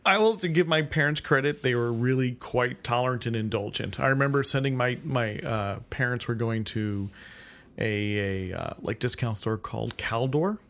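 A man's voice: medium pitch, normal speed, fairly bright tone. A man from the United States, co-hosting a podcast, chatting casually with lots of restarts and laughs. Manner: rambling, many restarts and asides, laughs often. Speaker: podcast co-host. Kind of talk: casual conversation.

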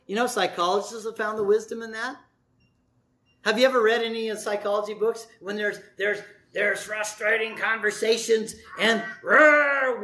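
High, bright-voiced preacher man. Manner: dramatic storytelling, acting out voices, shifting from loud to soft. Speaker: pastor. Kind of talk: sermon.

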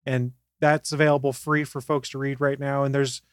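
A man co-hosting a geek podcast, telling stories in an animated way and acting out the voices of the people in them. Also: medium pitch, normal speed, no room sound, clean studio sound. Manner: animated anecdote teller who acts out quotes. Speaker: podcast co-host. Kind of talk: casual chat.

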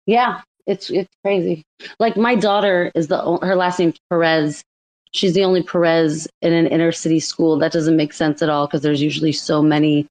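Casual woman co-host, slightly low voice, chatty and quick to laugh, on a voice call. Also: a little mellow, poor audio. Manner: chatty, laughs often, rambling. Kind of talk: casual group chat. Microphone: online audio call.

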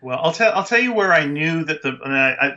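A man's voice: a little high, animated, fast, pushed and bright, dull audio. A man co-hosting a movie review podcast, chatting casually and mocking the film, acting out lines in silly voices. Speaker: podcast co-host.

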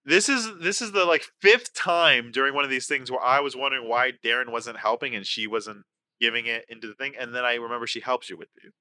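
A man chatting casually on a livestream quiz game, goofy and quick to swear, given to mock-outraged rants. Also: mid-range voice, pushed and bright. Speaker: game contestant and stream co-host.

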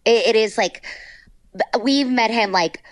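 A Texas woman who works as a voice actor chats as an interview guest, slow-paced and a little high-pitched, in a dry recording. She's bubbly and gushing, dropping "like" constantly.

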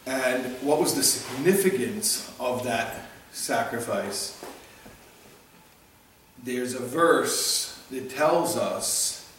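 A man's voice: medium pitch, slow pace, a bit bright, slight background noise. A man, possibly a rabbi, giving an informal talk on Jewish practice, opening with a joke in a conversational teaching manner. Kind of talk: informal Torah class talk. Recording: echoey hall, mic at a distance, faint ambience.

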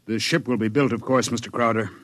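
An actor playing a cautious, deferential chief engineer in a 1950s radio drama, polite and a little hesitant. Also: male voice, medium pitch, steady tone, quick pace, background noise, close to an everyday voice. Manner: polite, says sir often, hesitant.

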